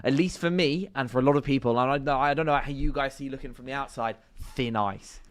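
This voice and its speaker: A man's voice: medium pitch, fast, crowd noise. A man hosting a football talk show, emphatic and repeating his points. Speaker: show host. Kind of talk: sports talk show discussion.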